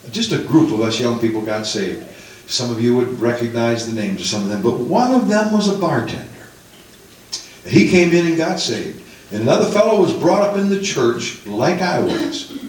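A man in his sixties with a medium-pitched voice preaches a heartfelt testimony sermon, telling his story with emotion and rising into pleas. The recording is in an echoey room, distant from the mic, with a little hiss or hum.

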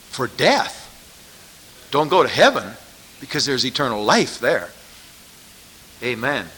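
A man's voice: mid-range voice, bright, forceful tone. A man preaching a sermon, pressing his listeners with emphatic rhetorical questions.

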